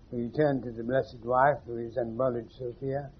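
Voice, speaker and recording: Man, wry teasing teacher, talks to a small group, husky voice, muffled old tape. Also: medium pitch, fairly even intonation, a little fast, few pauses. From England. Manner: wry, teasing, questions the audience directly. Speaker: spiritual teacher. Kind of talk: informal philosophical talk to a group. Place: meeting room with a small audience. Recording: muffled 1980s tape recording.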